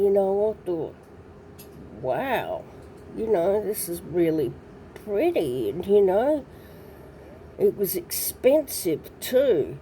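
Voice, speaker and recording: Slow, hesitant woman. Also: mid-range voice, warm tone, slight background noise. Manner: hesitant, full of ums and pauses. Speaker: interviewee recounting her past. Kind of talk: personal storytelling.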